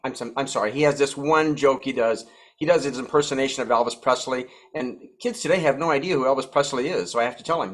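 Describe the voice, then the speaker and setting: A man's voice: medium pitch, a bit bright, low-quality recording. New puppeteer guy telling stories, mid voice, coaxing his dog puppet. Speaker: puppeteer guest. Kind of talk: casual chat.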